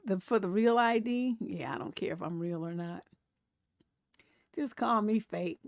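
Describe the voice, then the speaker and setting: A woman hosting a live stream, reading memes and commenting in a sassy, animated way, laughing often and mimicking grumpy voices. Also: mid-range voice, unhurried, creaky, no room sound, studio quality. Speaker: relationship coach and show host.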